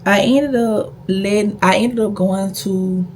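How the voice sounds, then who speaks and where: A woman's voice: mid-range voice, steady tone, slow, noisy background. A young woman vlogger telling a personal story in a blunt, profane, emphatic way. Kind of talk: casual storytime.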